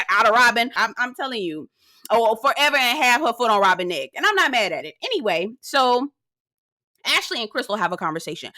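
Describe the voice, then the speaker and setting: A woman with a fairly high, sharp and bright voice rants through a reality TV recap. She is sassy and emphatic, swears freely, and mimics the people she talks about. The sound is close and dry. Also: no echo. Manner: profane, sassy and emphatic, mimicking cast members. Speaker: reality TV reviewer. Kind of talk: ranting episode recap.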